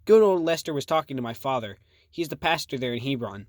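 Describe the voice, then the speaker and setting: A man's voice: medium pitch, lively intonation, fairly quick, darkish tone, dry recording, studio quality, natural voice. A man voicing a blunt, sarcastic teenage girl in an audiobook. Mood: sassy. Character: sassy teenage preacher's daughter.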